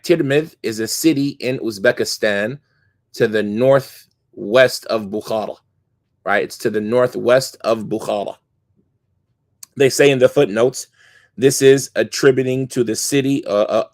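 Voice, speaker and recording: A man teaching a mosque class on hadith scholars, reading Arabic passages quickly and explaining terms as he thinks aloud. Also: mid-range voice, dry recording, studio quality.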